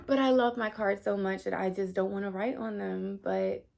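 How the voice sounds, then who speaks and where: A woman in her late thirties talks through a tarot reading in a loose, chatty way, with plenty of "um" and "like" and an occasional curse. Her voice has a gravelly edge with vocal fry at a middle pitch. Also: fairly even intonation, normal speed, darkish tone. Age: 30s. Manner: chatty, lots of fillers, swears casually. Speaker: tarot reader. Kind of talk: casual tarot reading to camera.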